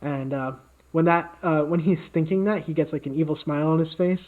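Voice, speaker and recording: A man's voice: a little high, fairly even intonation, brisk. Man rambling over tinny audio. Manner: rambling, many fillers and restarts. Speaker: podcast co-host. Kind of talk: casual chat, improvised story.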